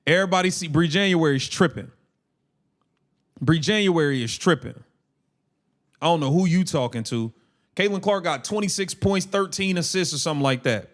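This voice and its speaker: Male streamer, slightly high voice, heated slangy play-by-play and rants. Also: expressive, normal speed, long pauses. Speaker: live stream host. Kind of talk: casual live watch-along commentary.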